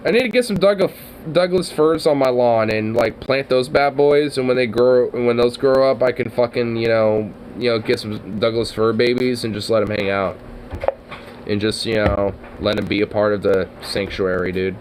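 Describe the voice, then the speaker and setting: A man's voice: medium pitch, normal speed, low-quality recording. Profane, rambling man with faint hiss. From Oregon, US. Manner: profane, excitable, trailing off with fillers. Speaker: streamer. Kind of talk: casual rambling chat.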